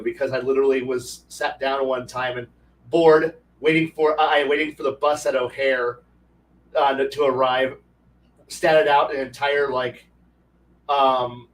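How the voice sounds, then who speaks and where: A man's voice: medium pitch, far from the mic, a little hiss or hum, rough recording. A man hosting a casual talk stream, rambling with many restarts and swearing, and acting out other people in a raised voice as he tells stories. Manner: animated storyteller, acts out quotes in a raised voice. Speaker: podcast host. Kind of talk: casual ranting chat.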